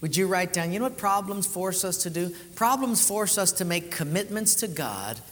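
A male pastor delivers a sermon in a church hall, his voice sitting a little high for a man. He tells stories animatedly, rising to loud bursts and dropping to quiet, intimate lines. A long reverb trails his words through the room. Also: moderate pace, slight background noise. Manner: animated storytelling, swinging between loud and hushed.

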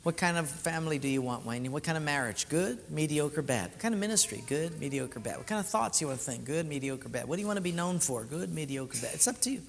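A male pastor delivers a sermon in a church hall, his voice sitting a little high for a man. He tells stories animatedly, rising to loud bursts and dropping to quiet, intimate lines. A long reverb trails his words through the room. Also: fast, vocal fry, hardly any pauses, a little hiss or hum. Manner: animated storytelling, swinging between loud and hushed.

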